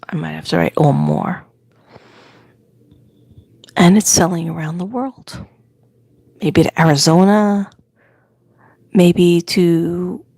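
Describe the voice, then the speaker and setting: Brief: older New Yorker woman, low-pitched, chatty livestream host. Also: warm tone, husky, no echo. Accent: New York. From Staten Island, New York. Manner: chatty, rambling storyteller. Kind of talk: casual chat.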